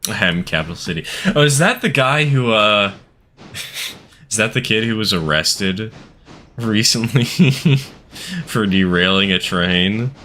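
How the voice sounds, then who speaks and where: A man's voice: on the low side, expressive, takes it slowly, sharp tone, a little hiss or hum. A man chatting casually as he streams a train game, rambling through asides and laughing often. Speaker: gaming streamer. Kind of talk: casual gameplay commentary.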